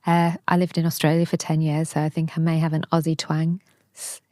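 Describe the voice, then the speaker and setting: A woman's voice: low voice, monotone, a little fast, darkish tone, no echo, studio quality. A woman from Yorkshire with a Yorkshire accent, hosting an interview and asking questions in an encouraging way. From Yorkshire, England. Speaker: interviewer, host. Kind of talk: podcast interview.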